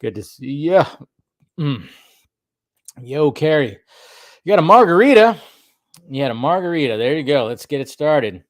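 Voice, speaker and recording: A man's voice: fairly high pitch, big pitch swings, normal speed, long pauses, no echo, studio quality. A man hosting a live stream from a room at home, chatting loosely and rambling as he greets viewers by name. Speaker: host of a live drinking stream. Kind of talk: casual live-stream chat. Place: home room with a pub table.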